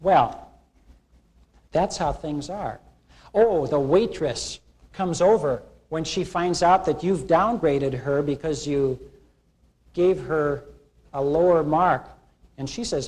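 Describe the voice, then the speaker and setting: Middle-aged man, college lecturer, slightly high voice, lively anecdotal delivery, 1980s classroom tape. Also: a little slow. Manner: animated storytelling, acting out quoted characters. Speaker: college instructor. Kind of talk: classroom lecture with humorous analogies. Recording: 1980s classroom video recording.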